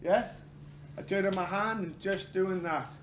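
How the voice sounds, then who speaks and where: In a training hall with echo and background noise, a man teaches a martial arts class in an unhurried, high-sitting voice. He keeps it funny, swearing, joking, and voicing other people's lines.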